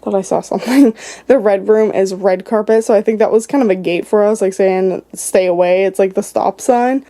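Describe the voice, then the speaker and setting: A woman's voice: mid-range voice, normal speed, dark tone. A young woman giving a casual house-tour vlog, chatty and filling her talk with "like". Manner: chatty, says "like" constantly. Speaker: paranormal vlogger. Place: indoors in a house.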